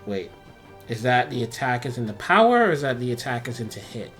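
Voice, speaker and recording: A man playing a tabletop game, laid-back and casual, swearing freely and thinking out loud with fillers. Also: medium pitch, sing-song, fairly quick, soft background music. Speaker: player.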